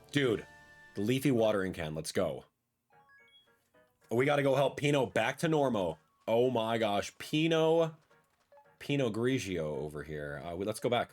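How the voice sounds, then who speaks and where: A man with a fairly low voice gives casual let's-play commentary. He swings his pitch up and down a lot and keeps up a chatty, playful patter. Faint game music plays behind him. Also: expressive, a little slow, long pauses, darkish tone. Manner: chatty and playful, with cheerful asides. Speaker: gaming video host.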